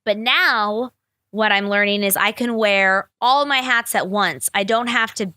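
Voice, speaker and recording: A young woman talks through her feelings on a podcast, rambling, confessional and quick to swear. Her voice is bright and forward, recorded dry and close with no room around it. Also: medium pitch, no echo. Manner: rambling, profane, emotional and confessional. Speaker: podcast host. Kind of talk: candid solo podcast talk.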